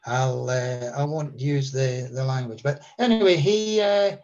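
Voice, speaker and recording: A man's voice: medium pitch, a little slow, a little mellow, dull audio. A man, a guest telling a long story in a rambling way with many fillers. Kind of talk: relaxed storytelling.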